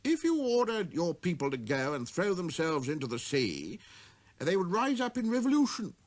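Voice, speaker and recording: A man's voice: high voice, huge pitch swings, moderate pace, pitched above the performer's own voice, exaggerated voice. A man voicing a pompous, blustering old king who stammers, splutters and chuckles as he gives commands. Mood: lecturing. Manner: grand, commanding delivery.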